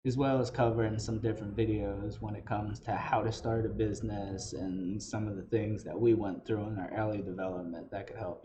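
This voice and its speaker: A man hosting a casual tutorial, explaining loosely in a conversational way how to build character voices for tabletop games. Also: lowish voice. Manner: explanatory, loose phrasing with restarts. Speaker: tabletop game master teaching voices. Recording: dull lo-fi audio with faint noise.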